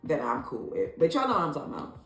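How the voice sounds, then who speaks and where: A woman vlogger from Illinois giving casual opinion commentary, sassy and expressive, leaping up in pitch when she is incredulous. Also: quick pace. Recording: echoey room, faint music.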